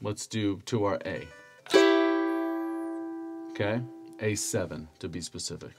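A man teaching a stringed-instrument lesson, calmly counting beats and chanting strokes. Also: sits low, measured pace, loud music behind the voice. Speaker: music teacher. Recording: loud instrument playing under voice. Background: cavaquinho playing.

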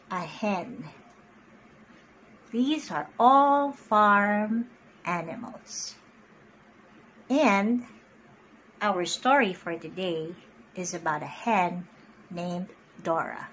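A young adult woman reading picture books aloud to children in an animated, sing-song voice. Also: fairly low pitch, very slow, pauses often, slight background noise. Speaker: children's storyteller.

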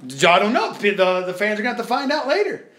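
A man in his thirties hosts a live toy stream from home, a dad with a high, bright and lively voice. He jokes around with his kids and races through viewer comments, often stumbling over his words. Faint noise sits behind him. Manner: loose, joking, reads comments quickly and stumbles. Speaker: family channel host, dad. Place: home, indoors.

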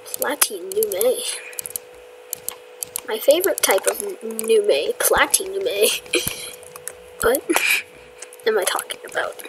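A woman with a higher voice talks slowly and casually through her gameplay, joking at her own mistakes and often slipping into a whisper. She sounds like she's at a desk microphone at home, with faint game sounds underneath her voice. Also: animated, background noise. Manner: chatty, self-mocking, drifts into whispers. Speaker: gamer.

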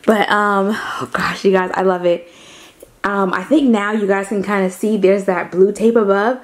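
A woman chatting casually on her home decor vlog, giddy and drawn-out in her emphasis. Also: medium pitch, fairly even intonation, roomy sound. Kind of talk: casual chat. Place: home living room, indoors.

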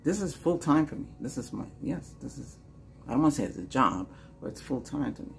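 A man hosting a Reiki healing session, chanting slow, soft repeated lines and then rambling in loose, chatty talk. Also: mid-range voice, animated, creaky, slight background noise. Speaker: Reiki healer and channel host.

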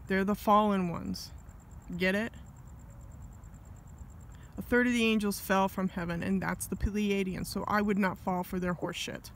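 An angry man delivers a rambling solo vlog monologue in a high voice. He keeps breaking off into asides and restarting his sentences. A faint hiss of noise sits under him. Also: steady tone, a little slow, long pauses, fairly bright tone. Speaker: vlogger.

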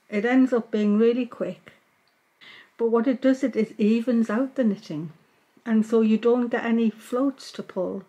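A woman teaching a knitting technique, talking calmly and patiently through each step while she works. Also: on the high side, poor audio. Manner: calm, patient, talks while working. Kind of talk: step-by-step craft tutorial.

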